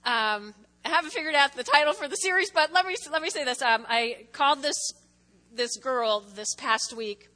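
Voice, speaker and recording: A woman's voice: sits high, animated, moderate pace, pushed and bright, big-room sound. A woman from New Jersey preaching a chatty, playful sermon to her congregation. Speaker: pastor.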